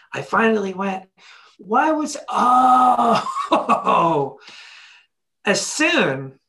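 A motivational speaker talking through stories in a podcast chat. The delivery is blunt and animated, voicing both sides of remembered conversations. Casual swearing runs through it. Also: mid-range voice.

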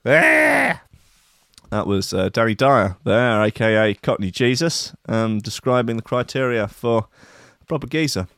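A man's voice: on the low side, moderate pace, clear, resonant tone, no room sound, studio quality. A man hosting a comedy podcast in a casual, offhand way, reading out a news story with asides. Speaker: podcast host.

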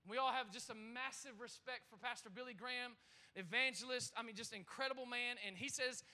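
A man in his thirties, a pastor preaching a lively sermon to a congregation, often repeating words and calling out to the room. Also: extremely high pitch, brisk. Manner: energetic, repeats himself, calls out to the congregation.

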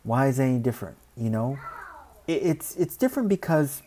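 A man speaking his mind in a casual monologue, rambling, saying "you know" often and acting out other people in quick asides. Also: mid-range voice, expressive, mellow. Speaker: commentator.

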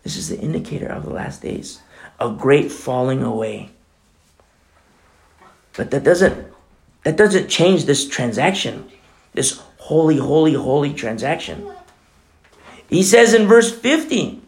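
A middle-aged man preaching a sermon as pastor, swinging between loud exclamations and hushed, near-whispered prayers. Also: mid-range voice, big pitch swings, a little slow, gravelly, pauses often.

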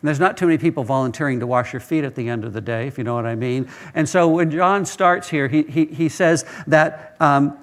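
A man's voice: fairly high pitch, fairly quick, hardly any pauses. A male pastor preaching a sermon, telling stories earnestly and often repeating words as he starts a phrase.

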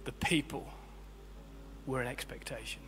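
A man preaching a sermon as pastor, impassioned, swinging between loud peaks and quiet low stretches. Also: fairly even intonation, unhurried, slight background noise. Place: church hall. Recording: long hall reverb with faint music.

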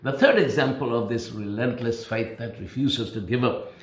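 A man's voice: medium pitch, normal speed. Emphatic male preacher in an echoey room. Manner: emphatic, repeats words to drive points home. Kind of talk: sermon.

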